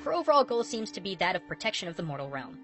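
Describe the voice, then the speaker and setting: A woman's voice: on the low side, sing-song, very fast. A woman hosting a scripted video, narrating in an upbeat, playful way, with music behind her. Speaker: video host.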